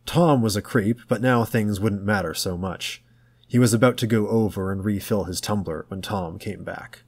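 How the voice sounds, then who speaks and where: A man reading a novel aloud as an audiobook narrator in a slow, measured, low-key manner. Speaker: audiobook reader.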